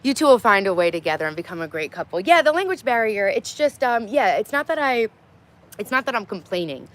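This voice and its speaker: A woman in her thirties livestreams casually from outdoors in her garden, swearing freely while she reads viewer comments aloud and talks bluntly with them. Her fairly high voice is sing-song, brisk and a bit bright.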